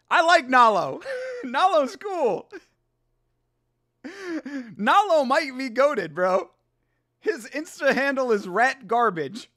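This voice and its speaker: A man in his thirties hosting a casual watch-along, excitable, slangy and laughing often. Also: very high-pitched. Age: 30s. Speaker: host.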